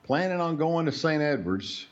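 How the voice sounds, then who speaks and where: A man's voice: a little high, animated, moderate pace. A man with a Southern US accent co-hosting a casual TV recap podcast, joking and bantering playfully. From American South. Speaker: podcast co-host. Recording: dull lo-fi podcast audio.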